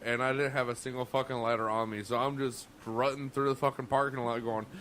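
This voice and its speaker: A man's voice: medium pitch, level tone, brisk, fairly bright tone, a little hiss or hum. A man co-hosting a casual podcast, telling rowdy restaurant stories with lots of swearing, restarts and laughter. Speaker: podcast co-host. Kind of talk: casual chat, swearing storytelling.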